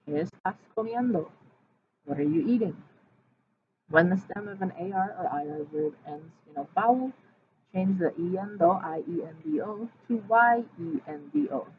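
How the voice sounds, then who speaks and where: A woman's voice: medium pitch, animated, moderate pace. A woman Spanish teacher reading her lesson slides aloud, explaining grammar step by step and spelling words out letter by letter. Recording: tinny phone-like audio with faint hiss.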